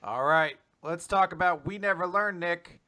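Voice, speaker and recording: A man's voice: high-pitched, sharp tone. A young man co-hosting a casual manga recap, summarizing chapters and acting out the characters' lines. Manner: acts out characters' lines in quick voices while summarizing. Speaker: podcast co-host.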